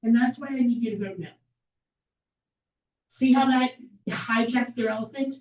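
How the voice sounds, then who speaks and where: A woman's voice: a little high, unhurried, a little mellow. Emphatic woman presenting in an echoey hall. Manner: emphatic, rhetorical questions. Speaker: speaker at a political meeting. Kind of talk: persuasive presentation. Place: meeting hall. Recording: echoey room from far off, dull lo-fi.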